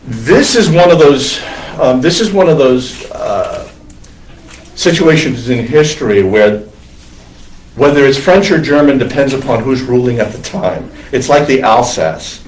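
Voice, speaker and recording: A priest lecturing on church history in a classroom, wandering into digressions with many ums and uhs. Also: male voice, mid-range voice, expressive, measured pace, slight background noise. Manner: discursive, digressive with many fillers. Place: classroom with students. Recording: roomy classroom from far off.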